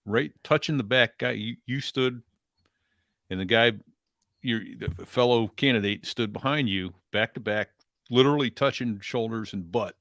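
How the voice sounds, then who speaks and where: A man in his sixties with a gravelly, creaky voice, chatting as a podcast co-host. He tells stories in a relaxed, matter-of-fact way. The sound is dry and close. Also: medium pitch, normal speed, no echo. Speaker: co-host, former Marine. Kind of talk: casual chat.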